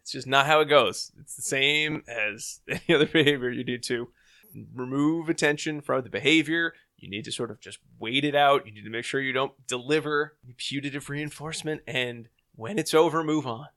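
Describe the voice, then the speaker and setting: A man talking shop as a behavior analyst on a casual podcast, joking and telling stories with a lively edge. His voice is bright and clear, sitting at an ordinary pitch. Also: normal speed.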